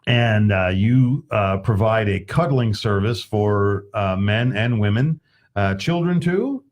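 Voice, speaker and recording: Rambling man in his fifties, low voice. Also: slow. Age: 50s. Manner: rambling, folksy, many fillers. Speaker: podcast host. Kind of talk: casual chat.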